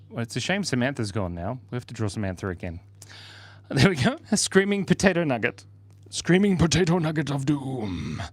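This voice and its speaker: A man hosting a casual livestream, drawing while he reads out viewers' chat messages, joking and laughing as he goes. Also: mid-range voice.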